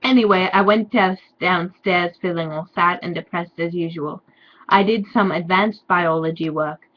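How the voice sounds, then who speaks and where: A woman giving a sarcastic dramatic reading with deadpan, mocking asides. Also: on the low side, normal speed, lo-fi sound. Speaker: reader and commentator.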